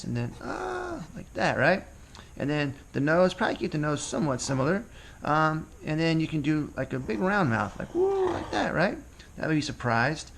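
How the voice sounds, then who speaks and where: A man's voice: on the high side, gravelly, slight background noise. A man teaching a casual cartooning lesson, chatting and thinking aloud as he draws. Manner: relaxed, chatty, thinking aloud while drawing. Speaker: cartooning instructor. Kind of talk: casual drawing tutorial.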